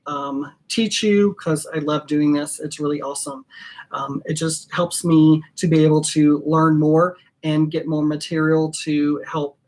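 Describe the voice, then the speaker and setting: A woman hosting a live stream, talking in a heartfelt way with many ums and pauses. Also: sits low. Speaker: host of a perfumery channel. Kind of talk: casual live-stream sign-off.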